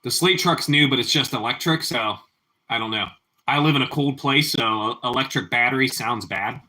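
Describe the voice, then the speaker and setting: Relaxed male stream host, bright clear tone, cooking at home, easy chatty talk. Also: medium pitch, moderate pace. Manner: relaxed, answers viewer chat, often repeats his phrases. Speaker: livestream host. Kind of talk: casual chat while cooking. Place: home kitchen.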